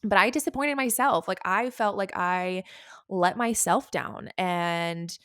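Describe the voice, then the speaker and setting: A woman's voice: medium pitch, measured pace, fairly bright tone, dry recording, studio quality. A woman in her thirties hosting a solo podcast, talking candidly and rambling, swearing casually. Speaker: podcast host.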